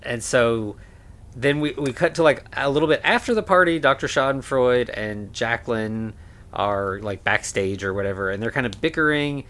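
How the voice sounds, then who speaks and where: A man co-hosting a podcast, recapping a film in casual chat, rambling with lots of fillers and quick laughs. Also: medium pitch, expressive, fairly bright tone. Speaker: podcast co-host.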